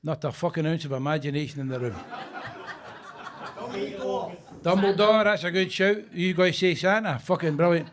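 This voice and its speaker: Gruff sweary older Scottish comic. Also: male voice, fairly high pitch, fairly quick, hardly any pauses. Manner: gruff, sweary, bossing the crowd. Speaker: headline comedian. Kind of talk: stand-up comedy. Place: basement comedy club.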